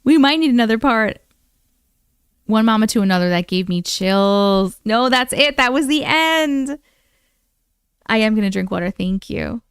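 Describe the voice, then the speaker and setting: A young adult woman hosting a live stream, reading viewer stories aloud in an expressive way and acting out the quoted voices. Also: medium pitch, moderate pace, smooth, dry recording, clean studio sound.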